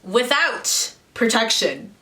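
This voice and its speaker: A woman's voice: fairly high pitch, sing-song, takes it slowly, sharp tone, far from the mic. A young woman in her twenties, chatting casually to camera as a vlogger, swearing freely and slipping into the voices of the people in her story. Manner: chatty, swearing, mimics others in quotes.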